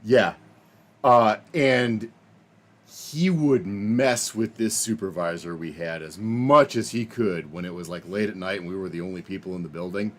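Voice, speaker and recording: A man's voice: low voice, moderate pace. A male guest with a cold, a bit tipsy, rambling through a story with laughs. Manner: rambling, laughing, does impressions. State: tipsy from drinking; has a cold. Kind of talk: casual storytelling.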